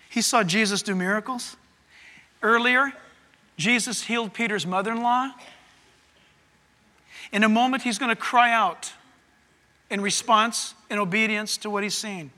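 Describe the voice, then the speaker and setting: A man preaches a sermon, his voice very high and sharply bright. He moves from quiet, intimate asides to loud, fervent passages. A long reverb trails each phrase, as in a big hall. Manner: animated preaching, swings from soft to loud. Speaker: pastor.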